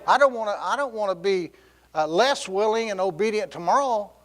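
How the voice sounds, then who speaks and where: A middle-aged pastor preaches a sermon in a church sanctuary, telling stories that draw laughs and acting out quoted voices. His voice is high with lively intonation, and he speaks a little quickly.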